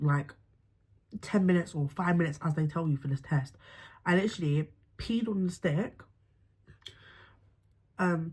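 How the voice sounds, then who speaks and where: A woman's voice: fairly low pitch, slightly rough. A young woman, candidly telling a personal story to camera in casual slang, swearing freely. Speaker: vlogger.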